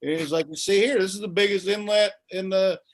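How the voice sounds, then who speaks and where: A man's voice: high-pitched, brisk. A man co-hosting a comedy chat, rambling through stories with lots of swearing and laughter. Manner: rambling storyteller, swears freely, laughs along. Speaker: comedian and co-host.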